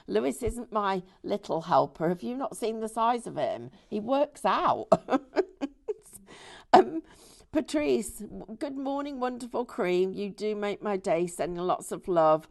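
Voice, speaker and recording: A woman's voice: mid-range voice, very animated, a little slow, gravelly, a little mellow. A woman hosting a live shopping show from a TV studio, chatting in a rambling way and laughing often.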